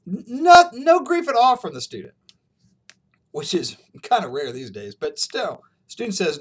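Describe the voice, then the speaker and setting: A male professor talks his class through a story in a relaxed, chatty online lecture, chuckling often along the way. His voice sits a bit higher than most men's. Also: moderate pace. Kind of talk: casual recorded online lecture.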